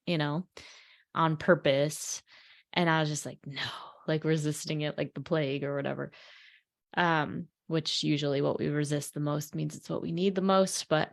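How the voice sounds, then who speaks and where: Low-voiced woman sharing personal story. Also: level tone, moderate pace, gravelly. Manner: earnest, filler-heavy, emotional. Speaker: podcast host.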